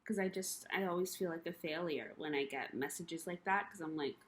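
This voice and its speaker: A woman's voice: low-pitched, brisk, few pauses, a little hiss or hum. A young woman talking to camera in a rambling, emotional personal rant, full of ums and you-knows. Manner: rambling, confessional, many fillers; emotional, frustrated. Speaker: vlogger.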